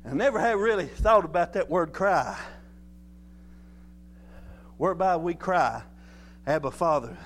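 A man preaching an exuberant church sermon, swinging between loud shouts and quiet, soft passages. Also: a little high, animated, a little slow, long pauses. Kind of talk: Pentecostal-style sermon.

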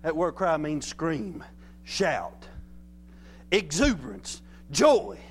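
A man preaching an exuberant church sermon, swinging between loud shouts and quiet, soft passages. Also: fairly high pitch, sing-song, takes it slowly, breathy edge. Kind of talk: Pentecostal-style sermon.

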